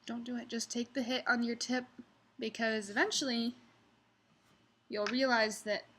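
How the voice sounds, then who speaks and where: Young woman server venting to camera, bright voice, mocking impressions of diners. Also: fairly high pitch, steady tone, a little slow, breathy edge. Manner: ranting, mocking customers in exaggerated voices. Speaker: restaurant server. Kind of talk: casual storytelling vlog.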